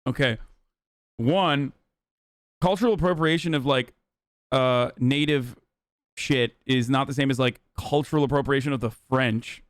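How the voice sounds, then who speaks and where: A man's voice: mid-range voice, measured pace, long pauses, smooth, no echo, studio quality. A man hosting a live stream, giving casual, blunt, profane commentary and sarcastic reactions to chat. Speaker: livestream host.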